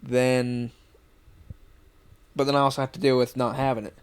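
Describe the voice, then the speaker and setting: A man's voice: mid-range voice, little pitch movement, normal speed, clean tone. A man hosting a podcast, chatting in a laid-back way, swearing casually and agreeing often. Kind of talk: casual chat.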